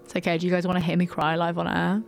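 A woman's voice: fairly low pitch, completely flat delivery, rapid-fire, vocal fry, faint music behind. A young woman hosting a radio show, chatting casually and self-mockingly and laughing often. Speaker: radio host. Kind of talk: casual on-air chat.

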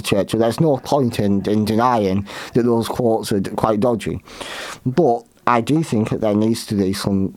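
A man hosting a history talk show, giving opinionated commentary in a halting way, often repeating and restarting his words. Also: fairly low pitch, a little mellow, dry recording.

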